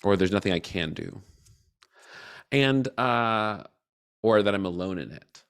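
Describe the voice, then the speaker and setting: A man candidly reflecting on his feelings in a personal talk, open and emotional, with casual swearing and halting restarts. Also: on the low side, lively intonation, vocal fry, fairly bright tone, clear, resonant tone. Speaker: cohort facilitator.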